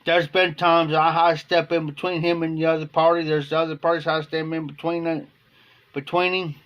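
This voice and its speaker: A man's voice: fairly high pitch, flat delivery, normal speed, pauses often, highs cut off. A man with an Ohio accent telling a casual, rambling story on a live stream, acting out quoted dialogue in a folksy way. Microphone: phone or webcam on a live stream.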